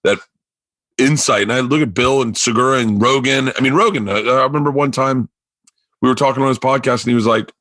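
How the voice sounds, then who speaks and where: A man's voice: medium pitch, a little fast, no echo. A middle-aged man hosting a podcast, telling stories in a casual chat, swearing a lot and acting out what people said. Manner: animated storyteller, swears a lot, acts out quotes. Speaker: podcast host.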